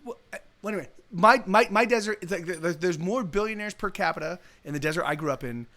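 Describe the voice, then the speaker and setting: A man's voice: high-pitched, fast talker, pushed and bright. A man hosting a live music stream, chatting casually and rambling with many restarts and laughs. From Southern California. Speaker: streamer host.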